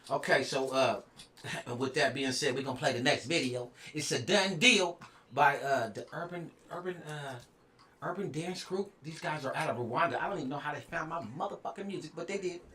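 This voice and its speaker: A man's voice: a little high, normal speed, bright, forceful tone, roomy sound. Laid-back slangy man hosting a stream. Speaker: host of a live stream. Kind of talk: casual live-stream chat.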